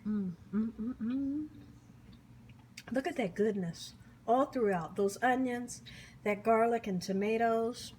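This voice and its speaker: A woman's voice: a little high, slow, darkish tone, slight background noise. Woman cooking host humming over her food. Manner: lots of savoring hums and exclamations; talks straight to viewers. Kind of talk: casual cooking vlog, tasting on camera.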